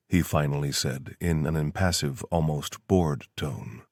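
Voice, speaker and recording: A man reading an audiobook in steady, scripted narration. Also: very deep voice, unhurried, dry recording, clean studio sound.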